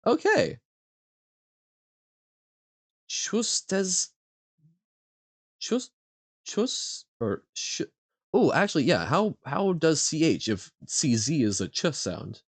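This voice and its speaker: A man streaming a live quiz, thinking aloud and haltingly sounding out foreign words as he guesses. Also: fairly high pitch, big pitch swings, breathy edge, dry recording.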